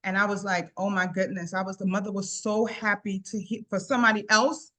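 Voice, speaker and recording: A woman's voice: mid-range voice, little pitch movement, fairly quick, pushed and bright. A middle-aged woman telling a personal story in a casual, earnest way, often repeating "I said" as she recounts what she told a teenager. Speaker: guest sharing a personal story.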